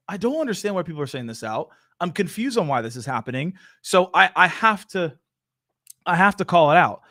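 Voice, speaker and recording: A young man hosts a live question-and-answer stream. He talks in a high, energetic voice and stays playful, teasing the audience with y'all. He comes across like someone chatting with regular viewers. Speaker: show host.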